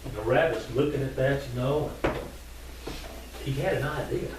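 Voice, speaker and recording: A man telling a folk tale live to an audience, chatty and animated with asides to the listeners. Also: mid-range voice, moderate pace. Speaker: storyteller. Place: meeting hall. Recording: echoey room from far off, faint noise.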